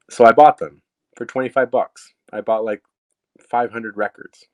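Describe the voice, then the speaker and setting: A young man telling a personal story in a casual, animated way, acting out quoted lines. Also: lowish voice, moderate pace. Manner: casual, animated retelling with quoted asides and fillers. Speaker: storyteller guest.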